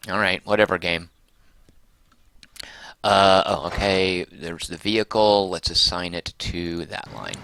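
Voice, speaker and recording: A man's voice: sits low, measured pace, long pauses, sharp tone, clear, resonant tone. A man streaming a game, chatting and muttering to himself, mildly exasperated with the controls. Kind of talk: casual game livestream commentary.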